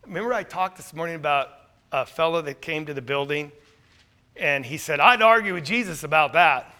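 Bright high-voiced male pastor preaching. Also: brisk. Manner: earnest preaching with emphatic rises and quiet drops. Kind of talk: sermon.

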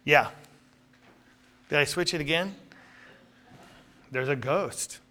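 A man's voice: fairly high pitch, slow, bright, forceful tone. A man teaching a Bible study class, reading scripture aloud and asking the group questions.

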